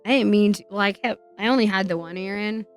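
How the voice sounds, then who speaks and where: A woman's voice: medium pitch, quick pace, soft background music. A young woman streamer rambling in casual chat, swearing often and laughing as she talks. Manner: laughs a lot while talking. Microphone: wearing earbuds.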